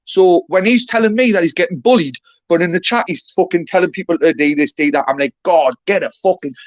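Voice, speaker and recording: A man's voice: sits high, fast talker, dry recording. A Geordie man on a live stream, rambling and blunt, swearing often and mocking himself in casual banter. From North East England. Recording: dry, dull lo-fi stream audio.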